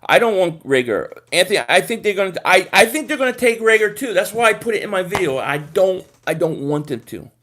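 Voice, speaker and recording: Man hosting a chatty, high-voiced football stream. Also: fairly quick, hardly any pauses. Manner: rambling, excitable, repeats words, sings short chants. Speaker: live stream host. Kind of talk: casual live stream chat reading comments.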